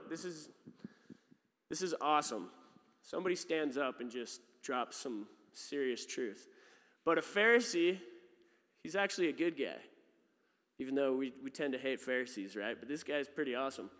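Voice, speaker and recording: A man preaching a sermon in a loose, conversational way, full of fillers and quick asides. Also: a little high, a bit bright, in a large hall. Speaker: pastor.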